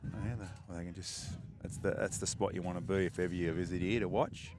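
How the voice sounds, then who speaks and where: A man's voice: low-pitched, fairly even intonation, quick pace, background noise. A middle-aged Australian man hosting a casual live stream from a training ground, rambling and reading viewer comments aloud.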